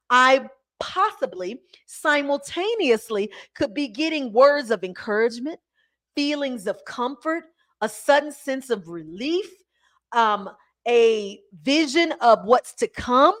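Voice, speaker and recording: Animated spiritual teacher woman, lilt. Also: high voice. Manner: preachy, animated, addresses listeners as y'all and baby. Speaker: spiritual livestream host. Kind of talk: spiritual teaching to a live audience.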